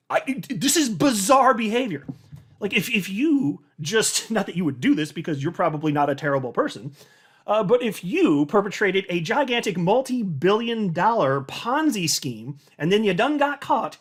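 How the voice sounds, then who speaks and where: A man's voice: high-pitched, a bit bright, husky. A man giving a ranting, sarcastic commentary as a crypto video host.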